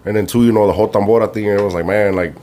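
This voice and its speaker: A man's voice: fairly low pitch, steady tone, racing, warm tone. A man chatting easygoingly as a guest musician, slipping into Spanish now and then. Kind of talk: casual chat.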